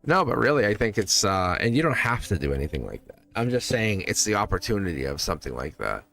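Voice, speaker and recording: A man reads tarot live for a viewer in a loose, chatty way, reassuring her and breaking into laughs. His pitch swings widely as he talks. Soft music plays faintly behind him. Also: big pitch swings, fast talker, vocal fry. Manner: chatty and reassuring, laughs often, acts out quoted lines. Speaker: tarot reader hosting a live stream.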